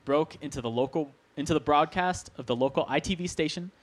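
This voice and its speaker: A man's voice: fairly high pitch, brisk. Man telling a story on a podcast. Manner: relaxed, joking, reads from notes. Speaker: podcast host.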